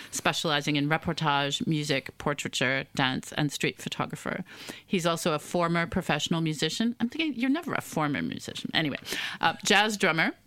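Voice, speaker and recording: A woman's voice: low voice, fairly bright tone, no room sound. A Canadian woman hosting a radio show in a chatty, laughing way, with frequent fillers, on a studio mic. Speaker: radio host. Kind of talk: casual radio chat.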